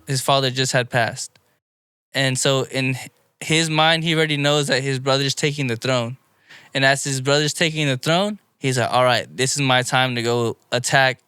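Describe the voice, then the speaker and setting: A man co-hosting a casual podcast, recapping anime episodes in a rambling, animated play-by-play. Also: a little high, clean tone, no echo, studio quality. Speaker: podcast co-host.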